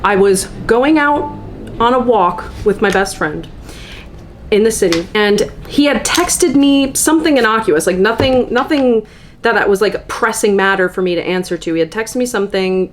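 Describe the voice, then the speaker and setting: A woman's voice: medium pitch, expressive, normal speed, a little hiss or hum. A woman in her twenties telling a frank, rambling dating story in casual chat, full of fillers and swearing. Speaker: content creator.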